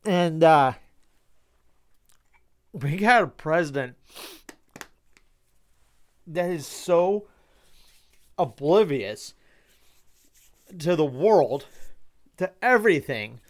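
A man's voice: fairly high pitch, animated, very slow, pauses often. A man hosting a casual podcast monologue, rambling with lots of fillers, swearing freely and talking with sarcasm. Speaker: podcast host.

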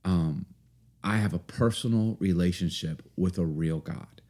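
A man in his forties speaks with a very low, mellow voice. He is a pastor, talking earnestly and unhurriedly on a podcast, with frequent fillers and restarts. He also reads a passage aloud in a calm storytelling manner. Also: measured pace. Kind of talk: casual podcast talk and scripture reading.

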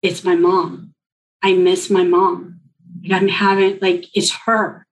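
A woman's voice: fairly low pitch, level tone, slow pace, rough recording. A woman guest telling her personal story in an interview, reflective and full of filler likes.

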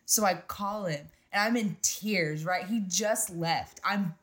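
A young woman co-hosting a podcast, telling stories in animated, casual chat and swearing freely. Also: on the low side, takes it slowly. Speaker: podcast co-host.

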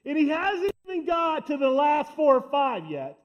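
A man's voice: very high-pitched, very animated, moderate pace, dull audio. A man preaching a sermon as pastor, talking emphatically and building up his points by repeating himself. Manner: emphatic, repetitive build-ups.

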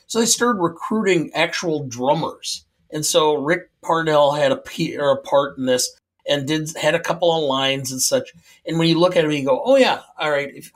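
A man's voice: fairly high pitch, fairly bright tone, low-quality recording. A man co-hosting a podcast about movies, talking casually and rambling with filler words. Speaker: podcast co-host. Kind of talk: casual film discussion.

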